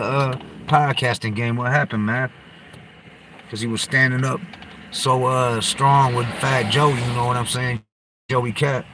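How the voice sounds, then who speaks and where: A man's voice: mid-range voice, a bit bright, a little hiss or hum. A man hosting a podcast, talking loosely in slang and profanity and jumping from topic to topic. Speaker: podcast host. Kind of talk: casual rambling chat.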